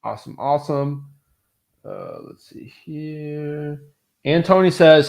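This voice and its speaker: A man's voice: fairly high pitch, wildly swooping pitch, takes it slowly, creaky, darkish tone. A man hosting a casual live coaching Q&A, talking in a loose, rambling, upbeat way with lots of fillers. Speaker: real estate wholesaling coach and host.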